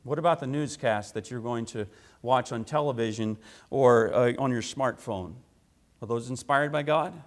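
A man preaching a sermon, emphatic and repetitive, firing rhetorical questions and swinging between loud declarations and quiet asides. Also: mid-range voice, normal speed. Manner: emphatic, repeats key phrases for force.

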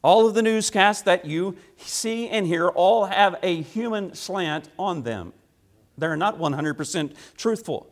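A man preaching a sermon, emphatic and repetitive, firing rhetorical questions and swinging between loud declarations and quiet asides. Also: high voice, lively intonation, measured pace. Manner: emphatic, repeats key phrases for force.

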